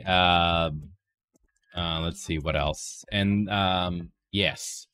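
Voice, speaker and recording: A man on a livestream doing a goofy impersonation of another streamer, rambling and playful, swinging from silly squeals to deadpan mumbles. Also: low voice, extremely slow, smooth. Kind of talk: comedic stream chat impersonating a woman streamer.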